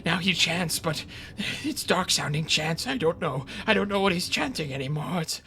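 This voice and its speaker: A man's voice: on the high side, animated, moderate pace, bright, forceful tone, pitched above the performer's own voice. A man voicing a small, frightened male mouse creature who stammers and pleads anxiously. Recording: noisy background.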